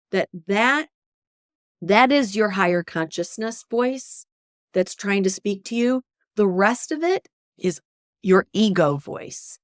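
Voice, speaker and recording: A woman working as a hypnosis coach, speaking in an animated, conversational way and often checking in with "right?". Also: mid-range voice, no echo, clean studio sound. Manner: animated, often tags "right?", acts out inner voices. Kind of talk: conversational interview.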